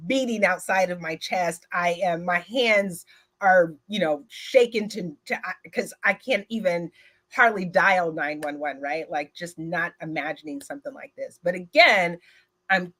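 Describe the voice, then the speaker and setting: With a medium-pitched voice, a woman at a retreat animatedly relates a personal story, addressing the audience directly and peppering it with fillers.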